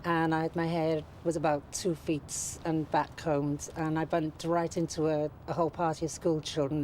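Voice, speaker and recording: A woman's voice: low-pitched, flat delivery, normal speed, hardly any pauses, darkish tone, slight background noise, poor audio. A woman reminiscing in an interview, telling stories plainly. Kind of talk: casual reminiscing.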